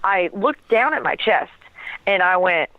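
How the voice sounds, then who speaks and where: A woman's voice: medium pitch, animated, unhurried, no room sound. A woman telling a personal story as an interview guest, earnest and searching for words, often breaking into a laugh. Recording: tinny phone line, dry.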